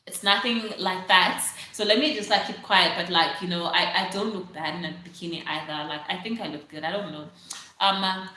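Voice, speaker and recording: A woman's voice: on the low side, fairly even intonation, moderate pace, bright, forceful tone. A young South African woman hosting a casual livestream, chatting loosely and reading out viewer comments, her talk full of "like" and "literally". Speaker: livestream host. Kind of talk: casual live-stream chat. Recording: very echoey room.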